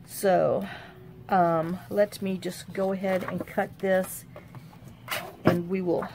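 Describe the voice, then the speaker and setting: A woman hosting a casual crafting tutorial. She thinks aloud in a rambling, chatty way and often drops into quiet muttering to herself as she works. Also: lowish voice, little pitch movement, takes it slowly, heavy background noise. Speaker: crafting channel host.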